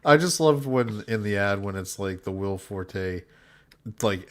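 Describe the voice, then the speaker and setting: Lowish guy on a hangout stream, rambly, keeps restarting his sentences. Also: normal speed. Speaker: podcast co-host. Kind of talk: casual hangout stream chat.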